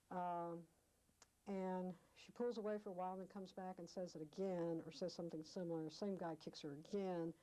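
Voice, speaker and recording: A woman's voice: fairly low pitch, dark tone, low-quality recording. A woman recounting a past confrontation in an oral history interview, acting out what people said. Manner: vivid storyteller, acts out quoted speech. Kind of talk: storytelling recollection.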